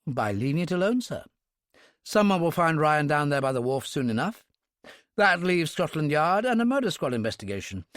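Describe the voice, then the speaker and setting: A man voicing a tough young woman police inspector in an audiobook, speaking crisply and in a businesslike way. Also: a little high, sing-song, moderate pace, fairly bright tone, dry recording, studio quality.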